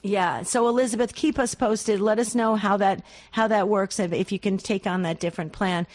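Female co-host, gentle and earnest, advising callers on air. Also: medium pitch, steady tone, normal speed. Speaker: radio co-host, advice giver. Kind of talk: call-in advice talk.

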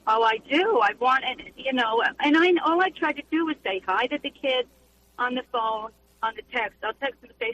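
A woman calling in by phone from her car, talking in an emotional, halting rush. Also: on the high side, fairly bright tone. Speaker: caller. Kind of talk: phone-in call. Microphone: phone while driving. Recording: muffled phone line.

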